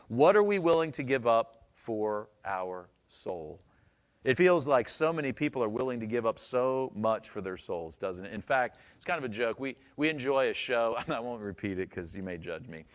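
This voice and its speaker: A man pastor preaching a sermon in a church, conversational and joking, asking the congregation questions. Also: on the low side.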